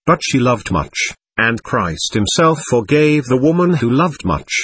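A man reading aloud as a raging, spluttering old father who yells at everyone. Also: medium pitch, very animated, unhurried, breathy edge, dry recording. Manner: yelling, spluttering. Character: old male buffoon father, shrill and raging.

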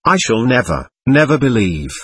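A bossy, quick-tempered little girl who presses every point and snaps back, as a man reads her lines. The voice is husky and swings widely in pitch. It sits dry and close, with no room around it. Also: sing-song, no room sound. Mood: insistent. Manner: insistent, snappish.

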